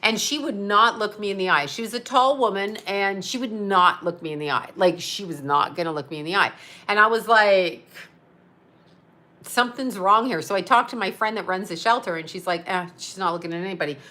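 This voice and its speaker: A woman's voice: medium pitch, fairly quick, bright, forceful tone. A woman in her fifties chatting casually on a live stream, blunt and profane as she rants. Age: 50s. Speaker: psychic medium hosting a live stream. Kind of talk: casual live-stream chat reading viewer comments.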